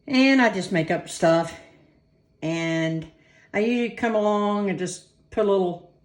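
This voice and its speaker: A woman's voice: medium pitch, a little slow. A woman hosting a casual home cooking video, chatting and poking fun at herself as she works in front of a camera on a tripod. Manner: chatty, self-deprecating, talks while working. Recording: echoey room.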